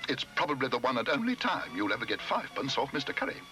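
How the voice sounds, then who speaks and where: A man's voice: medium pitch, sing-song, fast talker, over music, natural voice. Man doing a dry, practical housekeeper. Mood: wry.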